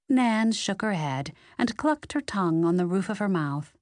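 A woman narrating a mystery audiobook in an expressive, unhurried storytelling manner. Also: medium pitch, no echo, studio quality. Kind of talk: scripted narration.

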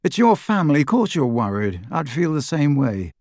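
A man's voice: a little high, sing-song, moderate pace, darkish tone, dry recording, studio quality, pitched above the performer's own voice. A man voicing a teenage boy wizard in pain, muttering through gritted teeth.

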